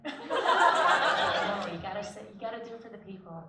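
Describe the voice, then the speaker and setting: A British woman moderating a convention panel, upbeat and quick to laugh. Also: medium pitch, big pitch swings, far from the mic, very noisy. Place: large convention hall. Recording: echoey hall recorded from the audience.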